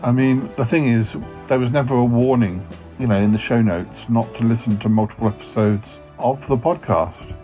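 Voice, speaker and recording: A podcast host playing himself in a comedy sketch, fretful and stammering as he talks. His voice sits at an average pitch, and the recording is dull and lo-fi with faint music behind it. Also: moderate pace.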